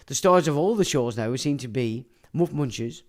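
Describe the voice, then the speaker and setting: Ranting man, lively pitch. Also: normal speed. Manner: crude, ranting, profane; laughs while talking. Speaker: livestream host. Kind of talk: casual livestream chat, reading viewer comments.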